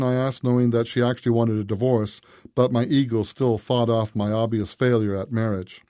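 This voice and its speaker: A man reading a story aloud as narrator, in a measured, even way. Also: mid-range voice, no room sound, studio quality. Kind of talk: scripted narration.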